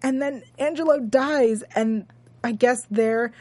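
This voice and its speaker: A woman co-hosting a TV after-show, recapping an episode in casual chat and talking in halting bursts full of fillers and restarts. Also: fairly high pitch, darkish tone, no room sound.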